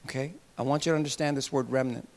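A man preaching a sermon to his congregation, animated, with loud bursts and soft asides. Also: medium pitch, fast, vocal fry. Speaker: pastor.

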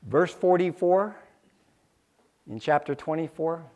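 A man's voice: fairly high pitch, slow pace, darkish tone. A man preaching a sermon, acting out little scenes with sound effects and repeating key lines for emphasis. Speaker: pastor.

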